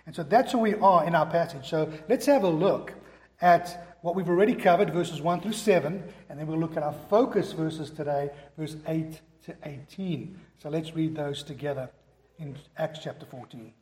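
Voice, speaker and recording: A man's voice: a little high, moderate pace, darkish tone. A man preaching a sermon as pastor, emphatic and asking the congregation questions. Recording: echoey hall, long reverb.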